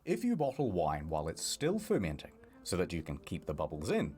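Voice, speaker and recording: A man's voice: sits low, huge pitch swings, brisk, darkish tone, soft background music. A man narrating a history comedy video in a playful, mock-dramatic way.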